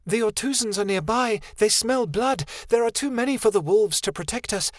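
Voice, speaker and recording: A man's voice: high voice, moderate pace, no echo, clean studio sound, voice pushed up, close to an everyday voice. A man voicing an aging female shapeshifter who speaks with urgent authority. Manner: urgent, commanding.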